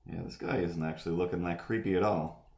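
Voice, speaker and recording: A man's voice: deep voice, steady tone, quick pace, a little mellow. A man chatting casually on a livestream while he draws, wandering through asides and fillers. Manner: meandering, full of fillers and asides. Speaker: livestream artist. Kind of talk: rambling casual chat while drawing. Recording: echoey room.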